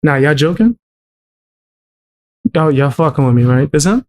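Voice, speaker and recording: A man's voice: a little high, animated, moderate pace, a little mellow. A man reacting to music clips on a stream, blunt and mocking, swearing often. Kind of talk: casual reaction stream commentary.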